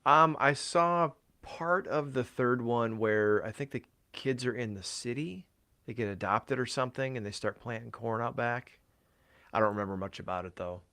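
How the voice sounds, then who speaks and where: A man's voice: medium pitch, moderate pace, pushed and bright. A man co-hosting a casual podcast, rambling and swearing freely with lots of fillers, his voice tired from talking all day. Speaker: podcast co-host.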